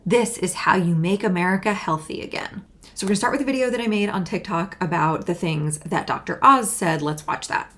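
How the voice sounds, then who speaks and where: A woman's voice: on the low side, a little fast, a bit bright. A young woman hosting a commentary video, reacting to clips in a heated, indignant and sarcastic way. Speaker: political commentator.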